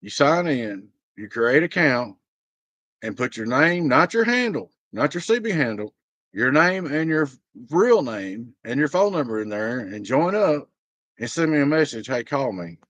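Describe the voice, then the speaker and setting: A man's voice: medium pitch, expressive, a little slow, a bit bright, dry recording. A man, a small business owner telling a rambling, aggrieved story in a casual vlog, blunt and fired up. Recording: dry, dull lo-fi sound.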